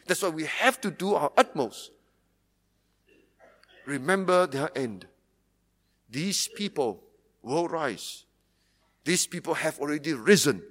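A man preaching from the pulpit, his voice pitched high for a man. He drives his points home through earnest repetition. The words ring out with a long reverb through a church hall. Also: fairly bright tone. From Singapore. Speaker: pastor. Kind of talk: sermon.

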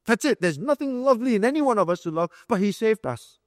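A man's voice: sits high, lively intonation, fast, no echo, studio quality, in a large hall. A male pastor preaching a sermon, emphatic, repeating key phrases and quizzing the room like a teacher. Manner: explains like a teacher, asks the room questions.

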